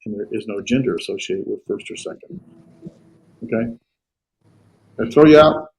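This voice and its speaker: A man lecturing a classroom on Greek grammar, pausing often on fillers and restarts and checking in with his students. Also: fairly low pitch, gravelly, darkish tone, rough recording. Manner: halting, with frequent fillers and restarts. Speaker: Greek teacher.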